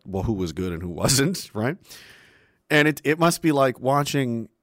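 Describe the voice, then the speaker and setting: A man's voice: on the low side, no room sound, studio quality. Rambling, profane male streamer. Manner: rambling, profane, self-mocking. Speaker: live streamer. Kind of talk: casual stream chat. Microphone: close studio mic on an arm.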